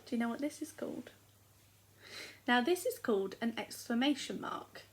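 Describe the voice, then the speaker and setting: A young woman with an English accent, a primary school teacher giving a recorded lesson in a slow, clear, encouraging way to small children. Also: on the high side, expressive, low-quality recording.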